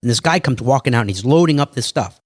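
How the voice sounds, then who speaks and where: A man tells stories in a lively way and acts out what other people said. His voice sits in the middle range and the recording is dry and close, with no room sound at all. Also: medium pitch, no echo. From New York. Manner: animated, quick storytelling with acted quotes. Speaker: guest. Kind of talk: storytelling in a podcast interview.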